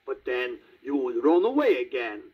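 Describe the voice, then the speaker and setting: A man voicing a kind, poor old woodcutter father who speaks slowly and gently on an old storybook record. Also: mid-range voice, very animated, husky, pitched below the performer's own voice. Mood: gentle. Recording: tinny old vinyl record.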